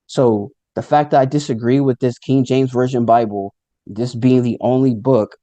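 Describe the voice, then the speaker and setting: Man, middle pitch, mellow and warm tone, dry close sound; casual first-person testimony, rambling and filler-heavy, with acted-out quotes. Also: moderate pace, no echo, highs cut off. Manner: loose storytelling with many fillers and acted quotes. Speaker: near-death experience speaker.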